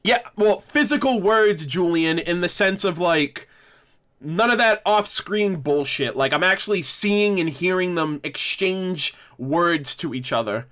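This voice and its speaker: A man's voice: sits high, expressive, measured pace, a bit bright. Chatty man hosting a livestream. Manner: rambling, self-correcting, laughs often. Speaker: livestream host. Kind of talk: casual livestream discussion.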